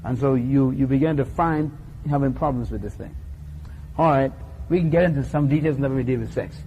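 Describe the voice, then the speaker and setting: A middle-aged man preaching a sermon in a lively, humorous way, acting out little scenes as he teaches. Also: medium pitch, fairly quick, muffled recording, a little hiss or hum.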